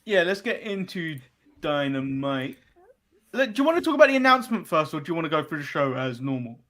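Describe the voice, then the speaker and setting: Lively, high-voiced man from England. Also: brisk. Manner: exasperated, sarcastic banter. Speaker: podcast co-host. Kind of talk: casual wrestling recap chat.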